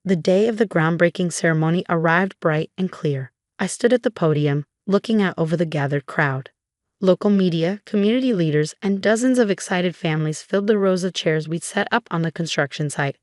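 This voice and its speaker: A woman reading a first-person revenge story in an even, measured narration. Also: lowish voice, dry recording, studio quality.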